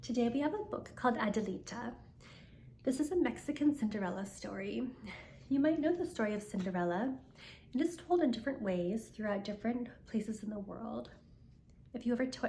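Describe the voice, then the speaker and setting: An older woman, the show's host, reading a picture book aloud in a gentle, chatty way. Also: a little high, echoey room, a little hiss or hum. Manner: gentle, chatty explanations, careful with foreign phrases. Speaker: storyteller.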